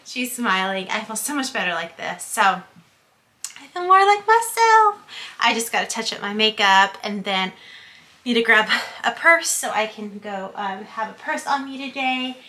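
A woman's voice: mid-range voice, moderate pace, sharp tone. A young woman vlogging casually about her day, chatty and rambling with lots of fillers, sometimes dropping to a whisper while her baby naps. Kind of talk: casual vlog chat.

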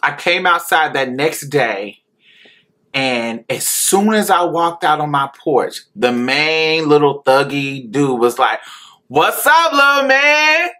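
A woman podcast host telling a personal story, animated and profane, laughing often as she talks. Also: rumbling low, slow.

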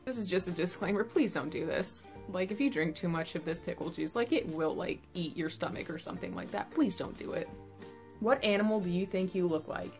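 A woman's voice: on the low side, brisk, vocal fry, a little mellow, soft background music. A young woman YouTuber chatting casually to camera, bubbly and self-mocking.

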